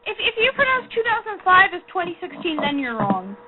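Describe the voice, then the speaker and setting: A woman's voice: very high voice, huge pitch swings, brisk, noisy background. A woman in casual podcast chat, blunt and teasing. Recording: tinny lo-fi phone-like sound.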